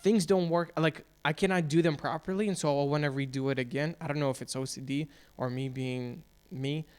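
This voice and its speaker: A man co-hosting a casual podcast, telling a story in an animated way with frequent restarts. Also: fairly high pitch, a little fast, clear, resonant tone. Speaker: podcast co-host. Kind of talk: casual chat.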